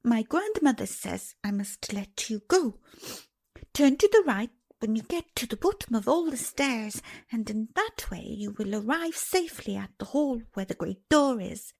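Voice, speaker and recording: An earnest young princess speaks high and pleading, always close to tears, as a woman puts her on. Her voice swoops up and down with a gravelly edge under it. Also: sing-song, a little slow, a little mellow, exaggerated voice.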